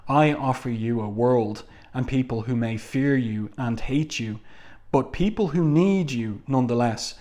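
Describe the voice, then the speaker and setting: A man reading out the lines of a calm, persuasive male mentor in a measured, formal way. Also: medium pitch, close to an everyday voice.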